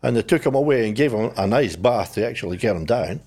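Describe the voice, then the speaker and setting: An older man tells his life story in conversation. He has a husky, slightly rough voice and an animated way of telling it, acting out his old self and other people as he goes. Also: lowish voice, fast. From New Zealand. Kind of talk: conversational testimony.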